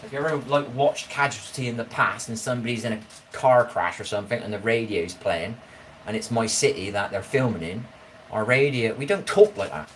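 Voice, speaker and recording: A man's voice: medium pitch, brisk, fairly bright tone, a little hiss or hum, low-quality recording. A man, chatting casually with viewers on a live stream, bantering and swearing now and then. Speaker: livestreamer reading chat.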